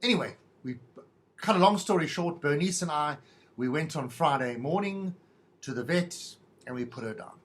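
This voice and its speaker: A man's voice: on the high side, lively intonation, normal speed. A middle-aged man hosting a podcast, telling a rambling, self-mocking monologue in a wry, stop-start way. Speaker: podcast host.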